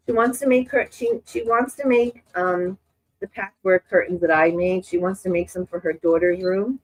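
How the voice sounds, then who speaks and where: A woman's voice: fairly low pitch, normal speed, poor audio. A woman hosting a sewing live stream, chatting in a rambling way with many restarts while she works, stuffy from a lingering cold. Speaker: sewing channel host.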